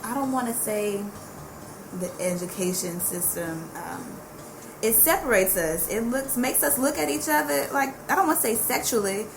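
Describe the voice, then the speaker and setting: A Southern woman talks frankly as a podcast guest, with a slightly high pitch and a lot of gravelly vocal fry. She is profane and emphatic. Clear studio-room noise hums behind her the whole time. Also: lively intonation, normal speed. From Dallas. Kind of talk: casual podcast chat.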